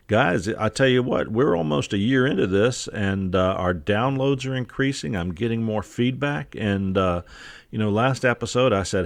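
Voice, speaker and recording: A man's voice: low-pitched, dry recording. A man hosting a casual podcast, joking with friends and using many fillers. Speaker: podcast host.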